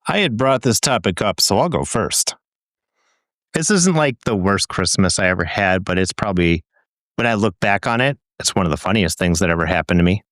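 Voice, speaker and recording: A man's voice: deep voice, animated, fairly quick, fairly bright tone, no room sound, clean studio sound. A man co-hosting a podcast, telling a long anecdote in casual chat and swearing freely. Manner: rambling storyteller, swears freely. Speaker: podcast co-host.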